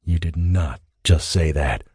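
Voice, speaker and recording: A man voicing a gruff, stern male federal agent who talks in low growls. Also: normal speed, dry recording, clean studio sound, natural voice. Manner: growling, terse. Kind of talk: audiobook character voice.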